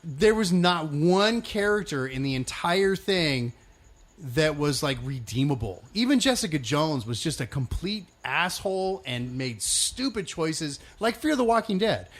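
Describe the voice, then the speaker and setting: A man's voice: fairly high pitch, sing-song, measured pace. A man co-hosting a podcast, ranting animatedly about shows in casual chat and swearing freely. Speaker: podcast co-host.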